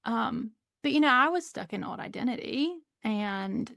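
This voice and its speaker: A woman's voice: a little high, expressive, unhurried, creaky, a bit bright, no room sound, studio quality. A woman with a Southern US accent, a podcast guest chatting casually, rambling and laughing often. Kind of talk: casual conversation.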